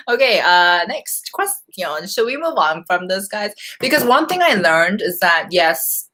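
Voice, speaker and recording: A woman's voice: medium pitch, very animated, slow pace, bright, forceful tone. A young woman hosting a casual live-stream Q&A, chatty and laughing often, reading out viewer comments and snacking as she talks. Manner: eating while talking. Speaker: beauty vlogger hosting a live Q&A.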